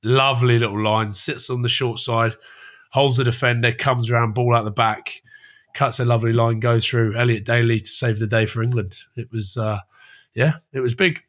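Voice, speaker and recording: A man hosting a casual rugby chat show with a middle-pitched voice. He tells his anecdotes with big swings in energy and bursts into high, loud laughter. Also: flat delivery, normal speed. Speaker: podcast host.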